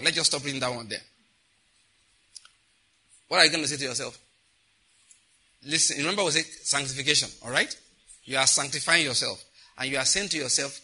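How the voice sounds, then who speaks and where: A man preaching a sermon as pastor, animated, with asides and a husky voice. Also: medium pitch, brisk, pauses often, rough recording.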